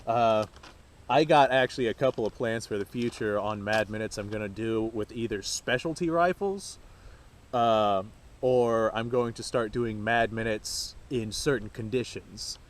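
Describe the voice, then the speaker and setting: A man's voice: lowish voice, normal speed, a little hiss or hum. A man hosting his own firearms channel, chatting casually and rambling to camera while out at a shooting range, swearing freely.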